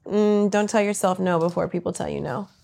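A woman comedian answering rapid-fire interview questions with brash, crude, self-mocking punchlines. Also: on the low side, gravelly, mellow.

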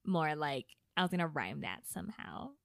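Teasing low-voiced woman, dry sound. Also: sing-song, normal speed, gravelly, no echo. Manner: teasing, playful. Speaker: podcast co-host. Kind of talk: casual chat among sisters.

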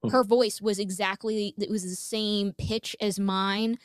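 A woman hosting a podcast in casual conversation, animated and blunt, swearing freely as she talks. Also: mid-range voice, a little slow, clear, resonant tone, dry recording, studio quality. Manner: animated, swears freely, jumps between thoughts. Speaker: podcast host.

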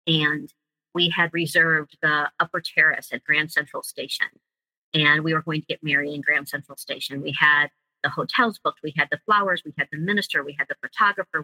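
A woman's voice: low voice, pushed and bright, no echo, low-quality recording. A woman, a guest, earnestly telling a personal story in an interview.

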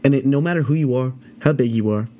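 A man's voice: medium pitch, fast talker, warm tone. A man hosting a podcast, telling a story in a casual, rambling way full of swearing and fillers. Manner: profane, rambling, filler-heavy. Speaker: podcast host.

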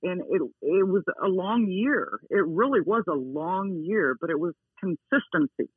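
A woman who is not soft-spoken, talking emphatically in a casual interview and repeating her key words. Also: on the low side, expressive, unhurried, breathy edge, dry recording. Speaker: dog owner interviewed as a guest. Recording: tinny phone line.

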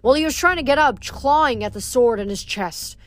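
A woman's voice: high-pitched, expressive, a little fast. A woman reading a novel aloud, with occasional stumbles and self-corrections. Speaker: audiobook reader.

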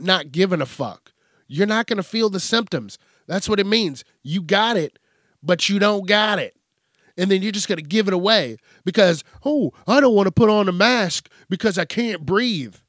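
A man's voice: sits high, fairly bright tone, no room sound, studio quality. A man hosting an angry, profane news commentary rant.

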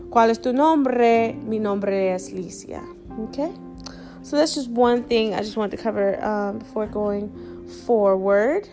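Woman Spanish tutor, podcast lesson, slightly high and gravelly, soft music underneath. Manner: patient, repeats phrases slowly with frequent ums. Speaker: Spanish teacher.

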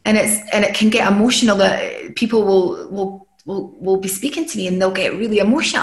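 A woman's voice: medium pitch, brisk, few pauses, roomy sound. A woman hosting a podcast, talking in an earnest, encouraging coaching manner about emotions and letting go. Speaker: podcast host. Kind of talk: casual podcast conversation.

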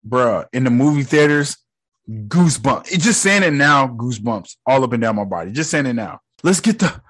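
A young man giving casual movie reaction commentary, animated and profane, with loud exclamations. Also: medium pitch, moderate pace.

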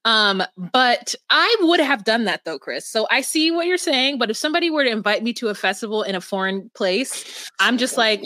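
Sharp bright woman talking reality tv, swears a lot, dry close sound. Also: on the high side, moderate pace, dry recording. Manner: animated, swears freely, laughs often. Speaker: podcast co-host. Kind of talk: casual chat recapping reality TV.

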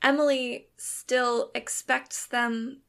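A woman's voice: sits high, level tone, slow, gravelly, a bit bright. Chatty woman podcast co-host. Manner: chatty, laughs often, many "like" fillers. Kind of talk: casual chat.

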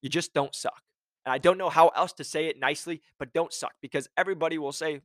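A man's voice: on the high side, steady tone, quick pace, a bit bright, no echo. A man coaching sales reps in a blunt, emphatic motivational talk, ranting with strong conviction.

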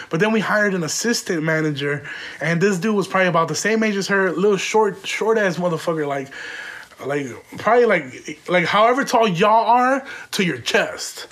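A man's voice: high voice, a bit bright. A man telling a rambling, profane comic story from his own life in casual slang, full of "like" fillers. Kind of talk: comedic storytelling.

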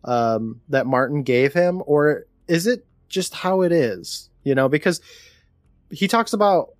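A man's voice: fairly high pitch, expressive, a little slow, no echo. Jokey guy co-hosting a podcast, voice bounces all over, dry close sound. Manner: jokey, teasing, narrates the plot and quotes the characters. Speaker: podcast co-host. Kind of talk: casual chat recapping an episode.

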